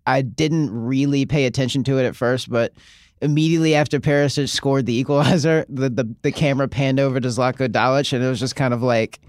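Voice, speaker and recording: A man's voice: medium pitch, fairly even intonation, a little fast, no echo, studio quality. A man in a casual sports podcast chat, laid-back and full of "like"s and laughter.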